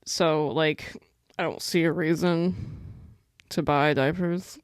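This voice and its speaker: Chatty young woman, low and dry. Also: fairly even intonation, slow, no echo. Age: 20s. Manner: chatty, rambling, talks to her pet between thoughts. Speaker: podcast host. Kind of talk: casual solo podcast chat.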